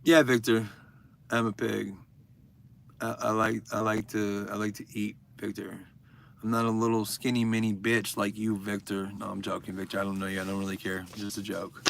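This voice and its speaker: A man's voice: fairly low pitch, little pitch movement, normal speed, vocal fry, fairly bright tone, a little hiss or hum. A man in his thirties hosting a livestream, casually reading viewer comments and answering them with crude, rambling jokes. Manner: joking, crude and rambling, addressing viewers by name. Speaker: livestream host.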